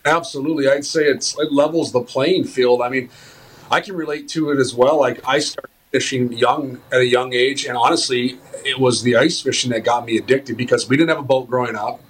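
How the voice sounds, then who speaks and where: A man in casual chat about fishing, speaking in a measured, agreeable, matter-of-fact way. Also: medium pitch, fairly even intonation, a little hiss or hum, low-quality recording.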